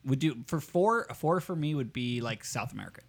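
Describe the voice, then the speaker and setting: A man's voice: medium pitch, lively intonation, fairly quick, gravelly, a little hiss or hum. A man co-hosting a podcast, teasing and joking in profane casual banter. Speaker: podcast co-host.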